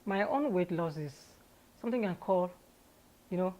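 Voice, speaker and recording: A Nigerian woman, an interview guest, telling her own story in a candid, lively way and laughing often. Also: on the low side, moderate pace, low-quality recording.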